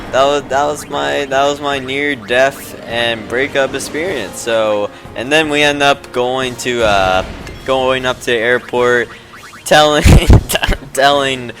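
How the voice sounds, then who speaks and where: A man tells a story in a loose, rambling way, stumbling over words and swearing as he goes. His pitch is mid-range and even. Faint music plays in the background. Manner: rambling, profane, many fillers and restarts. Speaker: gaming channel host. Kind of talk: casual storytelling over gameplay.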